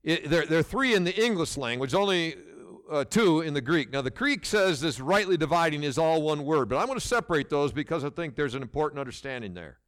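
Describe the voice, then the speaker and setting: Lively emphatic male preacher. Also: on the high side, a little fast, few pauses. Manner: emphatic preacher, rhetorical questions, restarts. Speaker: pastor. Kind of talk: sermon.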